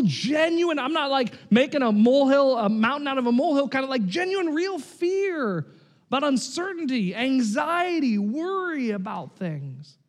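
Male pastor, high voice, chatty and animated sermon delivery. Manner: conversational, animated, frequent "right?" and "like".

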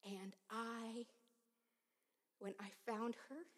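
A woman in her fifties giving a sermon with personal testimony, speaking slowly and earnestly with many halts, often dropping to a hush. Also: medium pitch, steady tone. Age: 50s. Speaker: preacher. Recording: long reverb of a large hall.

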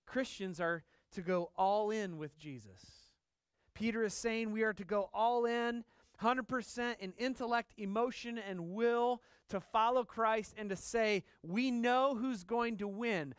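A man's voice: high voice, clean tone, no echo, studio quality. A middle-aged male pastor preaching a sermon, emphatic and repetitive, often asking the congregation questions. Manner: emphatic, repeats key phrases, asks the congregation questions; acts out dialogue in lively voices.

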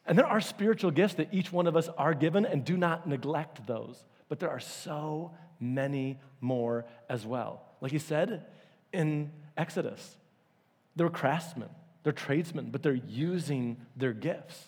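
A male pastor delivers a sermon in a church auditorium, his voice a touch high and slightly husky. He tells stories animatedly, acting out quotes with sudden leaps in pitch. A long reverb from the hall trails every phrase. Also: measured pace, a little mellow.

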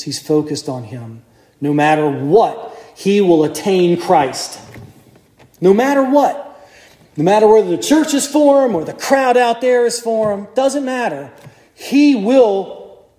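A male priest preaching a sermon, telling the story with lively acted-out voices. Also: high voice, echoey room. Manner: animated storytelling, acts out crowd voices. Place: church.

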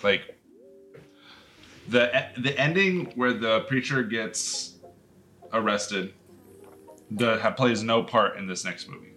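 A man's voice: mid-range voice, slow pace, pauses often, sharp tone, slight background noise. A congested man casually recapping a movie on a podcast, rambling and swearing with bursts of laughter. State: congested sinuses. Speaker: podcast host.

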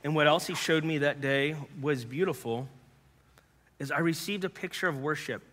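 A male pastor giving an earnest personal testimony sermon, halting and repeating words, sometimes dropping to hushed tones. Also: fairly high pitch. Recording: long hall reverb.

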